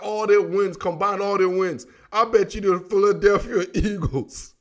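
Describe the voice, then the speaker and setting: High-pitched guy from africa doing a loose sports talk rant, slangy, keeps saying dog and man, chuckles a lot. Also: fairly bright tone. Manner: slangy, rambling, fills lines with "dog" and "man"; laughs often mid-sentence. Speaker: sports talk show host. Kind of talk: casual sports commentary monologue.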